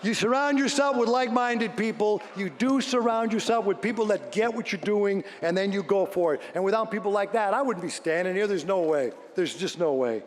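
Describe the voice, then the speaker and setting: A middle-aged man with a fairly high voice delivers an animated speech, telling stories with punchy energy that drops now and then to quiet, heartfelt moments. His voice carries a long reverb from a big hall. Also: brisk, hardly any pauses. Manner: energetic storyteller, swings between shouting and hushed tones. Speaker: radio host giving an acceptance speech. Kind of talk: speech to a live audience.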